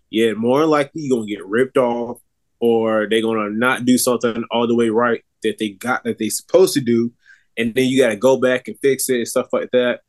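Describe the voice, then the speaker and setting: Young male podcast co-host, mid-pitched voice, easygoing and rambling. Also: steady tone, normal speed. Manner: laid-back, rambling with fillers and restarts. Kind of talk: casual chat.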